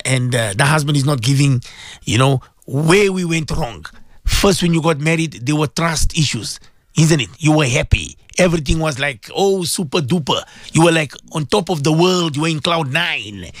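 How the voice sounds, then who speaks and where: A radio host who is a Muslim cleric delivers fervent talk, his rhetorical questions to the audience coming over and over. He has a voice on the high side, recorded without echo.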